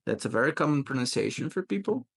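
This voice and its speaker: A male English teacher and podcast host, a native Portuguese speaker, coaches pronunciation in casual chat. His gravelly, mid-range voice is very animated, and he patiently repeats words slowly to model how they should sound.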